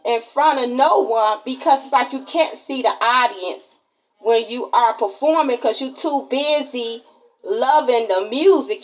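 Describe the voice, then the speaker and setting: A woman's voice: high voice, rough recording. A woman in her forties from Chicago with a Chicago accent, telling stories of her school days in a chatty, repetitive way and speaking straight to her viewers. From Chicago, Illinois, USA. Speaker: vlogger. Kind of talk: casual personal storytelling to camera.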